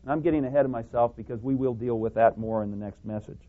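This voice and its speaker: A man preaching a sermon, stressing single words hard and walking through verses. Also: quick pace. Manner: emphatic, stressing single words with big pitch jumps. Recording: tinny phone-like sound.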